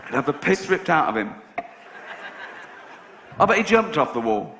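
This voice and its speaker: A man's voice: a little high, sing-song, moderate pace, bright, forceful tone, slight background noise. A man with an English accent doing a stand-up comedy set, telling stories, acting out other people's voices and breaking into laughter. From England. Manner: storytelling with acted-out voices and bursts of laughter. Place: large theatre stage before a live audience. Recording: roomy, muffled live concert recording. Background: audience laughter.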